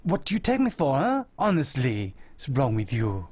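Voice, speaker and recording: A man's voice: medium pitch, wildly swooping pitch, moderate pace, a little mellow, breathy edge, no room sound. A man voicing a grumpy, sarcastic male cartoon cat who complains indignantly. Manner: indignant, mocking.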